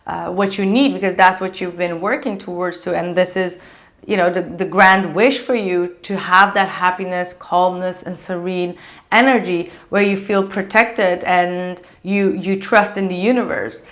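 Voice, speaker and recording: A woman's voice: fairly low pitch, fairly even intonation, a little slow, fairly bright tone. Chatty woman giving a tarot reading. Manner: chatty, gushing, many fillers. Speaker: tarot reader.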